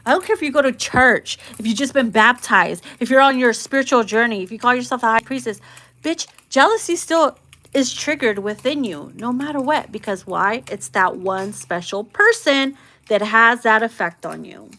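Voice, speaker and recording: A woman's voice: on the high side, expressive, normal speed, sharp tone. A woman giving a casual tarot reading, blunt and profane, laughing a lot and acting out quoted lines in slangy voices. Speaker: tarot reader.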